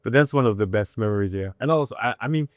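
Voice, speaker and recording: This comedian, a man in his thirties, talks fast in a lowish voice, spinning open, animated stories for a casual interview and acting out the lines he quotes. It's a dry, studio-quality recording.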